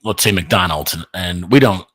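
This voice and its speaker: A man's voice: low voice, moderate pace, bright, forceful tone, husky, dry recording, poor audio. A middle-aged man from Illinois co-hosting a live podcast, chatting casually and rambling with lots of restarts. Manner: rambling, frequent restarts and fillers. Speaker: podcast co-host.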